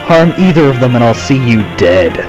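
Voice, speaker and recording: A man's voice: medium pitch, big pitch swings, moderate pace, natural voice. A man voicing an earnest, protective young male mercenary hero, close to his own voice, over game music.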